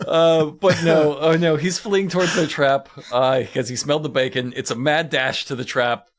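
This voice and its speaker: A man co-hosting a comedy podcast, recapping a show with animated storytelling and frequent laughter. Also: fairly high pitch, normal speed. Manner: animated storytelling, laughs often, acts out quotes. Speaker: podcast co-host.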